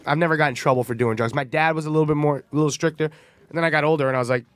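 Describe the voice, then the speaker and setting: A man's voice: a little high, steady tone, rapid-fire, no echo. A young man from the Bronx, telling stories in a brash, profane, laughing way as a guest comedian on a casual podcast. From the Bronx, New York.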